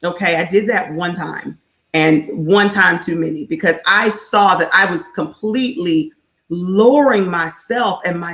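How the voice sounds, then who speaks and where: Female host and life coach, mid-pitched, preachy and insistent, recorded with roomy echo. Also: fairly bright tone. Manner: emphatic and repetitive, drives points home with "okay?"; preachy, faith-based encouragement. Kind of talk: live motivational talk to viewers.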